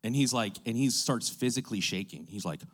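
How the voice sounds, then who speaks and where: A man's voice: medium pitch, lively intonation, a little fast. A man who runs a real estate business, telling a story in a chatty way, full of fillers and asides. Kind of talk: casual storytelling.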